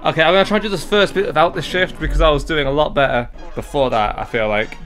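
A young man commentating a video game, excitable and jokey, yelling and swearing at it and talking himself down between fits. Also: a little high, quick pace, soft background music. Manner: talks to himself, jokey asides. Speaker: gaming YouTuber. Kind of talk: let's play commentary.

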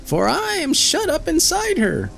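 Tiny squeaky Tom Thumb. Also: male voice, huge pitch swings, measured pace, creaky, a bit bright, soft background music, heavily acted. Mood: piping cries. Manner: shrill squeaky piping cries. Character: tiny brave male thumb-sized tailor hero.

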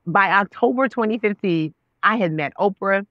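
A woman in her thirties telling her story as a guest, voicing her own past dialogue with God. Her pitch leaps up and down as she acts it out. The sound is dry and slightly dull. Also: normal speed, dry recording. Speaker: guest, actress and author. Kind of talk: animated storytelling.

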